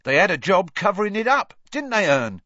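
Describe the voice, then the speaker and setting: A man voicing a brash, chatty young bus conductor, loud and excitable, on a dull lo-fi audiobook recording. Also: high voice, brisk, no echo, pitched above the performer's own voice, exaggerated voice. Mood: gossipy. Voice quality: loud, excitable, dropped grammar.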